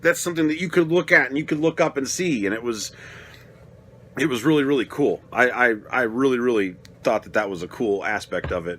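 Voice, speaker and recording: A young adult man rambles through a casual spoken film review, swearing often and growing worked up and loud. His voice sits lowish, with slight background noise in the recording.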